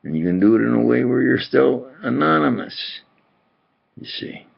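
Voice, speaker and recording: A man delivering a rambling, repetitive and agitated monologue with a gravelly voice, on a dull lo-fi home video recording. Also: mid-range voice, lively intonation, moderate pace.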